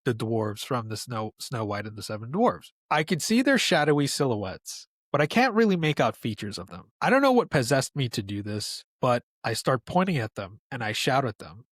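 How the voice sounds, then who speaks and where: Animated New man telling a story. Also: mid-range voice, normal speed, few pauses, dry recording, clean studio sound. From New York, USA. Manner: animated storyteller, laughs often. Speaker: podcast guest. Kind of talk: casual storytelling.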